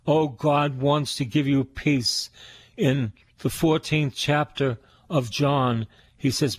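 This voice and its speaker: A man's voice: medium pitch, steady tone, takes it slowly. A male priest preaching fervently, repeating phrases for emphasis. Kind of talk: radio sermon.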